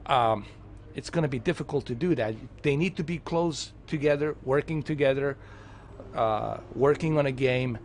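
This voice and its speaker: A man's voice: mid-range voice, normal speed, a little hiss or hum. A man chatting casually while gaming, rambling with lots of fillers and restarts. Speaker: gaming vlogger.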